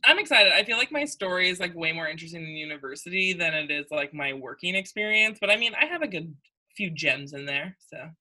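A woman's voice: fairly low pitch, lively intonation, fast, sharp tone, poor audio. A young Canadian woman co-hosting a podcast, chatting casually, laughing often and filling her talk with "like". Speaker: podcast co-host. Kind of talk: casual chat.

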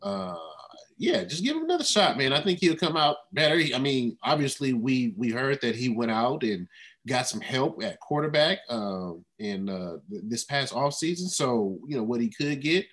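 A man co-hosts a casual sports chat, easygoing and prone to trailing off mid-thought. His voice sits in an ordinary middle pitch. He speaks as someone who once played himself. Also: big pitch swings, normal speed, a bit bright. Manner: laid-back, trails off, laughs along. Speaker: co-host, former player.

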